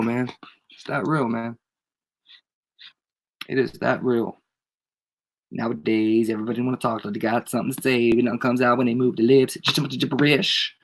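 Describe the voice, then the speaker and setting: A man with a head cold ranting casually to a live audience, emphatic and slangy, repeating his points over and over. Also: medium pitch. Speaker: channel host. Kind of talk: casual livestream rant.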